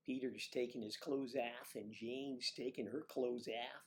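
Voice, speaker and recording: A man hosting a livestream, chatting casually with viewers and joking, with quiet, half-whispered asides. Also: mid-range voice, fairly even intonation, unhurried, few pauses. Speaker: livestream host. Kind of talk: casual chat reading viewer comments.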